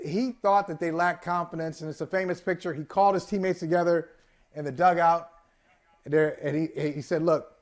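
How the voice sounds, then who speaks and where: A man co-hosting a sports talk show, telling animated stories in casual chat and laughing along with them. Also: high-pitched. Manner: animated storyteller, laughs while telling anecdotes.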